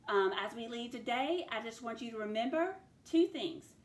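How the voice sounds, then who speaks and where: Teaching a phonics spelling lesson, a woman with an expressive, high-ish voice dictates words by slowly drawing out each sound. The recording has an echoey room and faint ambience.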